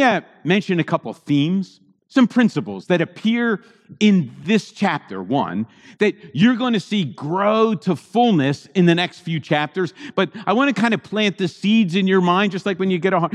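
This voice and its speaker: A man's voice: sits high, long reverb tail. A man preaching a sermon in a church in a conversational way, often asking the congregation rhetorical questions. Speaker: pastor.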